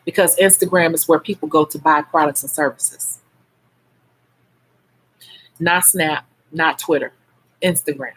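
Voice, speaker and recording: A woman with a Chicago accent talks casually on a live stream, giving frank nail-business advice and reacting to viewer comments. Her voice sits a little low for a woman. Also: fairly even intonation, a little slow, long pauses, fairly bright tone, breathy edge.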